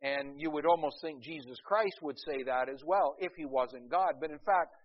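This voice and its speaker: Husky conversational man preaching. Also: on the high side, moderate pace, muffled recording. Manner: conversational storytelling with many fillers and restarts. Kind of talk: sermon.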